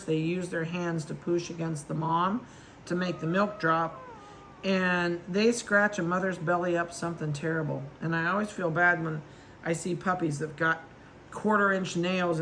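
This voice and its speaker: A woman's voice: fairly low pitch, gravelly, fairly bright tone, slight background noise. A woman dog breeder chatting casually and affectionately as she handles puppies at an indoor table and talks to them.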